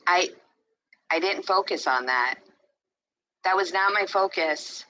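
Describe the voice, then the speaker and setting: A woman's voice: lowish voice, takes it slowly, sharp tone, a little hiss or hum, rough recording. A woman giving a faith-based motivational talk, emphatic and repetitive, often speaking straight to her listeners.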